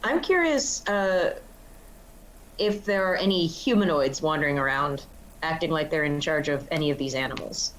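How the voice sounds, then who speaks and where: Woman, tabletop player, lowish voice, halting with fillers, faint background hiss. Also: lively intonation, fairly bright tone, low-quality recording. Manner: hesitant, many fillers, light laughs. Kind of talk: tabletop game chat.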